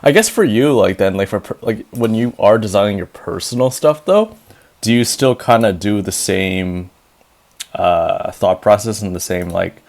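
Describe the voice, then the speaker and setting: Male host, very low voice, loose and chatty, filler-heavy. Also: animated, normal speed, a little mellow. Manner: rambling, filler-heavy, upbeat. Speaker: podcast host. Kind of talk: casual interview chat.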